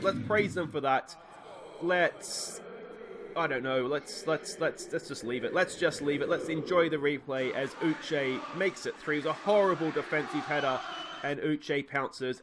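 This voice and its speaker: A man casually commentating his football management game, cheering goals loudly and thinking aloud about tactics. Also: on the high side, background noise. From Australia. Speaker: gaming YouTuber playing a football management game.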